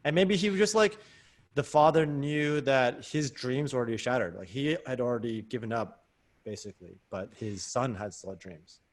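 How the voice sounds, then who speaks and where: A man hosting a podcast in a relaxed, agreeable manner, chiming in with short affirmations. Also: medium pitch, normal speed. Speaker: podcast host. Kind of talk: casual chat.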